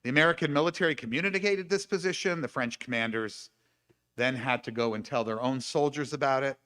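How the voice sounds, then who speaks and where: A man speaking at a live-streamed congregation service, his voice bright and clear. He reads book passages aloud and breaks in with his own comments and small laughs. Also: mid-range voice, brisk. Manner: reads quoted passages with asides and light laughs. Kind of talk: reading aloud and commenting in a talk.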